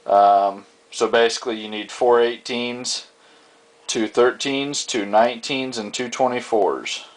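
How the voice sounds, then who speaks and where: A man walking through his homemade build plans indoors in a halting, plain-spoken way. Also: on the low side. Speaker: hobbyist vlogger explaining plans. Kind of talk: casual indoor walkthrough.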